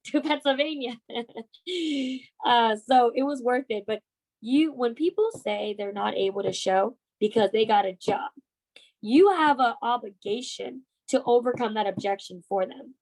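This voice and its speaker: A woman's voice: a little high, darkish tone, poor audio. A woman in her twenties leading a motivational team training talk, emphatic and coaxing, often checking in with "right?". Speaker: team leader and sales trainer.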